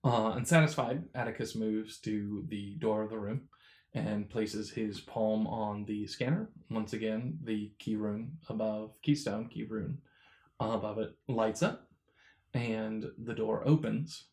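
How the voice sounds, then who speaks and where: A man running a tabletop role-playing game as game master, narrating in a relaxed, halting way with frequent fillers. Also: on the low side.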